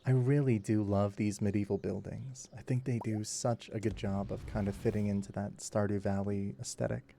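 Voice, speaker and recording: Low gravelly guy murmuring slowly over a cozy game, dark mellow tone, bit of room hiss. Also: steady tone. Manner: slow, soft, musing. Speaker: gameplay commentator. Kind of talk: relaxed sleep gameplay commentary.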